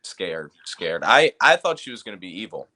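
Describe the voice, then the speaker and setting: A man's voice: deep voice, big pitch swings, moderate pace, sharp tone. A man co-hosting an interview, chatting casually and playfully, laughing often.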